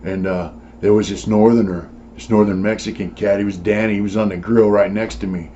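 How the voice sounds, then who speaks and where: An older man with a very low voice recounts his past in a loose, rambling way, full of fillers and blunt profanity. The recording is dull and lo-fi, with a faint hiss underneath. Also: fairly even intonation, a little fast, dark tone. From California. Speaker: former prisoner telling his story. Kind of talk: casual storytelling. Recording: dull lo-fi sound with faint noise.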